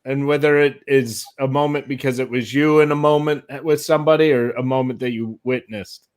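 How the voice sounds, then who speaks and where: A man hosting a comedians' round table, throwing in quick jokes and questions. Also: mid-range voice, fairly even intonation, clean tone. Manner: quick jokey interjections. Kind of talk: casual round-table chat.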